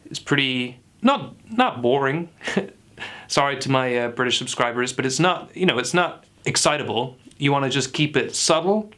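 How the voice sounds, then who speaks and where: A man as a clueless, bright-voiced dialect coach. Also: mid-range voice, expressive, moderate pace. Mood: earnest. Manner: earnest, confident pseudo-expert lecturing. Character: self-assured clueless male dialect coach. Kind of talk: parody tutorial sketch.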